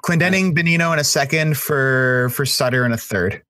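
A man's voice: medium pitch, moderate pace, bright, forceful tone, no room sound. A man hockey writer chatting on a podcast, stumbling over restarts and slipping into dry irony. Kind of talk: casual hockey chat.

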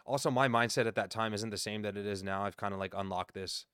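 A man in his thirties talks loosely and profanely, trading stories as a podcast guest. His voice sits low and comes across smooth and resonant. The sound is dry and close on a studio mic. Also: fairly even intonation, quick pace, a bit bright, no echo. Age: 30s. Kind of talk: casual chat.

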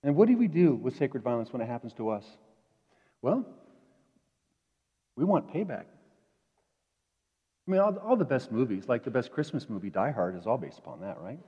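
A man preaching a sermon in a conversational way, dropping to quiet asides and rising to emphatic peaks. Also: medium pitch, big pitch swings, normal speed, pauses often, breathy edge. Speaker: pastor. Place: church sanctuary. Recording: dull echoey church hall.

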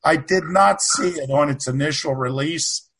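A man's voice: on the high side, normal speed, fairly bright tone, slightly rough. A man telling loose, self-correcting anecdotes in a casual podcast chat about films. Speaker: panel guest.

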